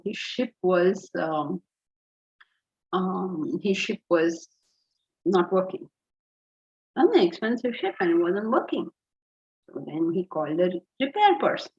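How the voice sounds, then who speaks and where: Indian lady teaching spiritual stuff, storytelling, mixes in hindi, muffled lo-fi sound. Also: fairly low pitch. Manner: animated storytelling, slips into Hindi phrases. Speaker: Vedanta teacher. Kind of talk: spiritual lecture. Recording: dull lo-fi audio.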